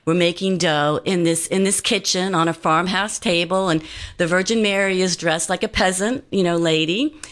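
Earnest woman with a lowish voice. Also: fairly even intonation, normal speed. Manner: earnest, meandering with many fillers and restarts. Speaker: guest. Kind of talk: personal storytelling.

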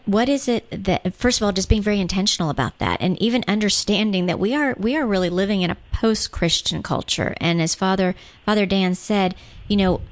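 Female radio co-host, conversational, affirming the guest. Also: mid-range voice. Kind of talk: radio talk show hosting.

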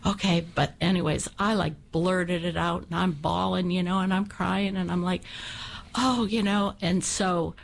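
Creaky-voiced woman telling a story. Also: fairly low pitch, normal speed, few pauses. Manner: animated, acts out voices in her story. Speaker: radio guest. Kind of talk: casual storytelling on radio.

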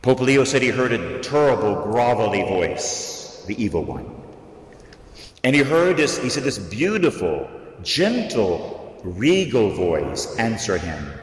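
A man preaching as a priest, slow and dramatic, his voice swinging up and down in pitch. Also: big pitch swings, a little hiss or hum. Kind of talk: sermon. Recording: echoey hall, voice from the mic at a distance.

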